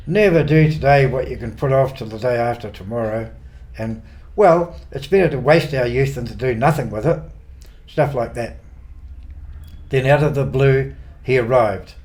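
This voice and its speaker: An older man from New Zealand with a New Zealand accent, reading his own memoir aloud in an unhurried, wry storytelling manner. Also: medium pitch, lively intonation, darkish tone. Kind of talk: scripted narration.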